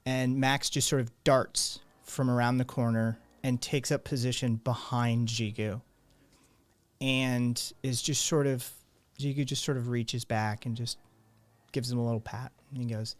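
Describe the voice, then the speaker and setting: A man's voice: mid-range voice, fairly even intonation, a little slow, faint music behind. A man running a tabletop game as game master, narrating scenes unhurriedly with hesitant fillers.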